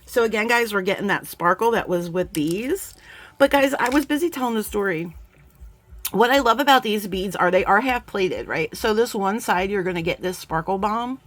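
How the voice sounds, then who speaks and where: A woman's voice: medium pitch, lively intonation, moderate pace, fairly bright tone. A woman hosting a casual bead unboxing, bubbly and gushing, who rambles off into side stories before pulling back to the beads. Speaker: bead box unboxing host.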